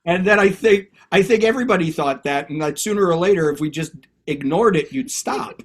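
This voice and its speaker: A man's voice: a little high, fairly quick. A man, an actor guest telling stories in a casual chat, often repeating words as he starts. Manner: animated storyteller, repeats words when starting.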